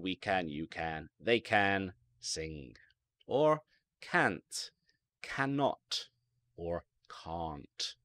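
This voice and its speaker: Slow, animated British man teaching English. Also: low-pitched, no room sound. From Britain. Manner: slow, carefully enunciated, repeats words for drilling. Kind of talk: online ESL lecture.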